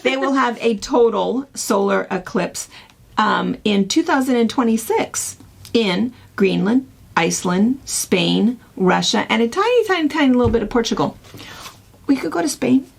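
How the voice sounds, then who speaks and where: A middle-aged woman co-hosting a casual chat, telling stories in a rambling, animated way. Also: a little high, moderate pace, vocal fry, husky. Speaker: co-host.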